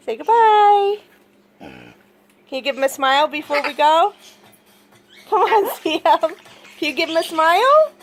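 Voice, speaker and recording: A woman filming her pets at home, coaxing them in sing-song baby talk and asking a bird to talk. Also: high voice. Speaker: pet owner and vlogger. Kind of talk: casual pet vlog.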